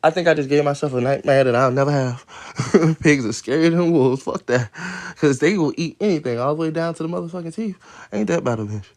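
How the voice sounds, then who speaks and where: On a casual phone livestream from home, a man reads a children's story aloud, stopping for rambling, profane tangents and bursts of laughter. His voice sits on the high side and sounds expressive and a little mellow, and he talks at a quick pace. He moves from outdoors into his room as the read-aloud and commentary go on.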